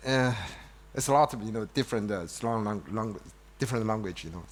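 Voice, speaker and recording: A man giving an unscripted keynote on an event stage, halting, with many restarts and fillers like "you know". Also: on the low side. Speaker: company executive giving a keynote. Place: event stage before an audience.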